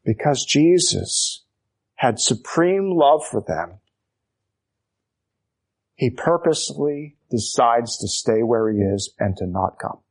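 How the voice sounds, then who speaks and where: A man's voice: medium pitch, expressive, takes it slowly, pauses often. A man preaching an expository sermon, emphatic, building his points through repetition.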